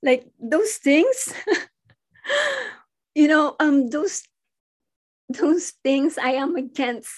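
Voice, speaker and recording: A woman, a restaurant owner speaking on an online panel. She talks haltingly, with many restarts, and gets emotional. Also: high voice.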